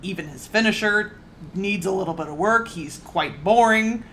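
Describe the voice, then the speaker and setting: A woman's voice: mid-range voice, moderate pace, a bit bright, a little hiss or hum. A woman co-hosting a podcast, giving blunt, teasing opinions in a casual chat about wrestling. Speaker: podcast co-host.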